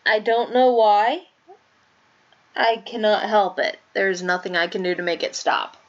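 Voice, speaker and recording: A woman's voice: mid-range voice, fairly even intonation, unhurried, highs cut off. A woman streaming herself reading a visual novel aloud, chatting casually and apologizing as she goes. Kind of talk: casual chat between voiced game lines. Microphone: home desk mic.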